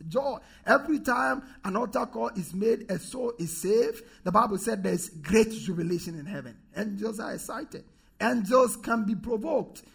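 A man's voice: high-pitched, vocal fry, slightly rough. A male pastor preaching a sermon, emphatic, repeating key phrases and calling on the congregation to respond.

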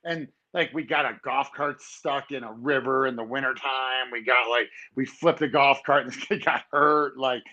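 A man's voice: mid-range voice, steady tone, normal speed, few pauses, sharp tone, dull audio. A man hosting an interview, telling stories in a loose, chatty way. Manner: loose, chatty storytelling with lots of "like" and "you know". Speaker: podcast host. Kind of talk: casual interview.

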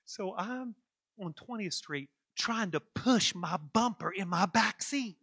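A man preaching as a pastor, telling a lively anecdote with chuckles and asides to his congregation. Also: high-pitched, unhurried, breathy edge, no echo, studio quality. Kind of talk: storytelling sermon.

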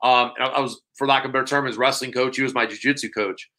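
Bright-voiced man telling rambling stories. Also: mid-range voice, steady tone, fast talker. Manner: rambling, many fillers, acts out dialogue. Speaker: podcast guest. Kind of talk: casual storytelling.

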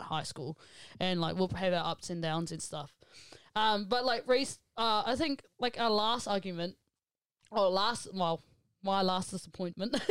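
A woman's voice: on the low side, smooth, no echo. A young woman, telling stories in a casual, slangy, chatty way. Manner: chatty storytelling, lots of "like", slangy. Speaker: podcast co-host. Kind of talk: casual chat.

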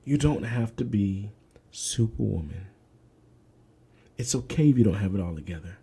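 A man's voice: lowish voice, animated, normal speed, gravelly, warm tone, slightly rough. A young man hosting a podcast, preaching emphatically, repeating phrases and dropping to whispers. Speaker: podcast host. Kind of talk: preaching-style podcast talk.

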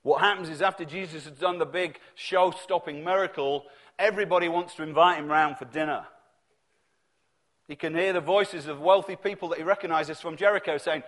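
A man with a slightly raised voice gives a sermon in a relaxed, conversational way. He tells the story as he goes and acts out the voices he quotes. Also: a little high, brisk. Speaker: preacher.

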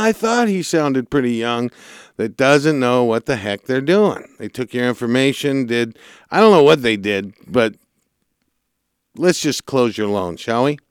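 Smooth-voiced male radio host telling stories. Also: medium pitch, dry recording, clean studio sound. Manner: animated storyteller, acts out callers' lines. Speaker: radio show host, mortgage broker. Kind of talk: casual radio talk, storytelling.

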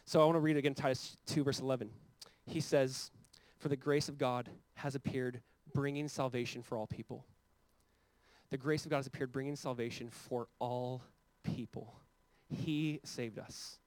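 A man's voice: medium pitch, fairly even intonation, normal speed, a little mellow, dry recording. A man preaching a sermon as pastor, talking conversationally and building to fervent emphasis.

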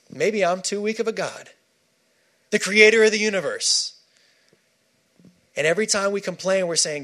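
A man's voice: high voice, normal speed, pauses often, pushed and bright. A man preaching a sermon, emphatic and repeating key phrases for stress.

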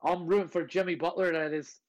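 A brash man co-hosting a casual sports podcast, talking in a slightly high voice. He gets riled up and curses freely as he trades takes with his co-host. His delivery is loud, pushy and full of bluster. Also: steady tone, fairly quick, low-quality recording. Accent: put-on accent at times.

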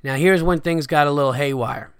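Animated man telling a story. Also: fairly high pitch, brisk, smooth, dry recording, clean studio sound. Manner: animated, swears freely, shouts when quoting friends. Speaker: podcast host. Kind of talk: casual storytelling.

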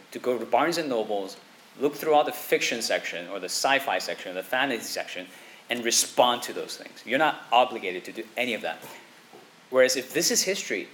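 A man preaching a sermon in a conversational way, often checking in with his listeners with a quick "okay?" or "right?". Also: fairly low pitch, a bit bright, a little hiss or hum. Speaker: pastor.

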